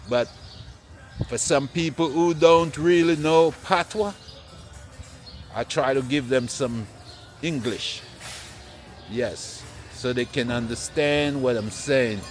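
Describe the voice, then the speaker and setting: Male vlogger, unhurried and laid-back, outdoors with a handheld phone, soft music under. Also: mid-range voice. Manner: laid-back, repeats "yeah, man" often. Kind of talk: casual walking vlog to camera. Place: open-air plant nursery, outdoors.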